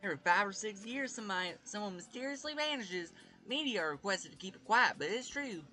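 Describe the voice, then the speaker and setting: A man's voice: sits high, animated, quick pace, pushed and bright, pitched above the performer's own voice, full character voice. A man doing an eager southern tour guide. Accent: American Southern.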